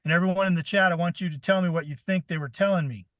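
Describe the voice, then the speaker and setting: A man's voice: sits high, very fast, no echo, studio quality. An American man hosting a casual livestream chat, telling a story with lots of laughter. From United States. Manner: animated storyteller, laughing often. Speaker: host.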